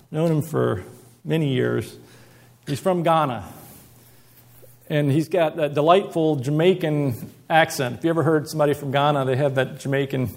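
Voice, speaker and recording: A male preacher delivering a sermon in an earnest, conversational way. His voice sits slightly high, with a gravelly, creaky texture. He moves between plain talk and reading scripture aloud. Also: a little mellow.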